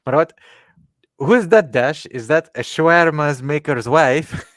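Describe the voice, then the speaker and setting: A man doing a shrill mock-accented voice. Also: measured pace, fairly bright tone, no echo, clean studio sound. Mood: incredulous. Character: excited high-pitched man with a mock foreign accent.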